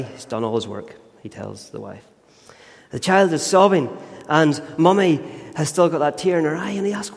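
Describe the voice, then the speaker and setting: A man's voice: on the high side, a little mellow. A man preaching a sermon, telling a story earnestly and emphatically. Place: church. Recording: long church reverb.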